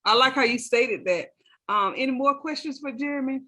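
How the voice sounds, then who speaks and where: A woman with a somewhat high, breathy voice, keeping a meeting moving. She reads out questions and introduces speakers in a brief, practical way. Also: fairly quick, bright, forceful tone, poor audio. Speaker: meetup moderator. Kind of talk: moderating an online meetup.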